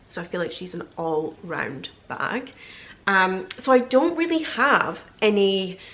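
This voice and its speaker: A young woman with a British accent, chatting excitedly through an unboxing vlog, gushing and filling her talk with "like". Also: on the low side. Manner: gushing, chatty, many fillers like "like". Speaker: beauty and lifestyle vlogger.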